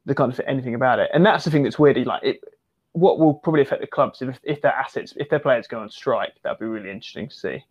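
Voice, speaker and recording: Talking fast at an ordinary middle pitch, a man discusses football casually, rambling loosely with lots of fillers and restarts. He seems to be thinking aloud, circling back to finish his points, and the audio sounds dull.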